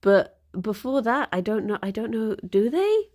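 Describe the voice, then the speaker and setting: A woman's voice: fairly high pitch, sing-song, normal speed, a little mellow. A woman in her thirties, chatting casually and rambling as she streams. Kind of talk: casual chat. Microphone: desk microphone.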